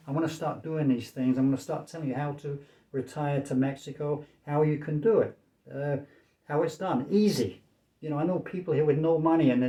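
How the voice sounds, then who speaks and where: A man's voice: a little high, warm tone, echoey room. A man in his sixties from the United States, rambling in a casual vlog commentary, repeating his points and tagging lines with "okay?". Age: 60s. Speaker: vlogger. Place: small room in his apartment.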